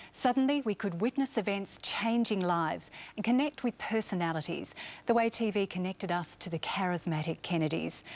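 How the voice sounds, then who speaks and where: A woman narrating a television documentary in a measured, polished scripted delivery. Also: mid-range voice.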